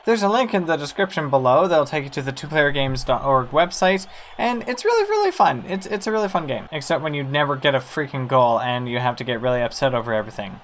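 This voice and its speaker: A man hosting a let's-play, commenting on a basketball game with excitable, playful mock outrage at the other team. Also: mid-range voice, fast, few pauses, a little hiss or hum. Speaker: gaming channel host.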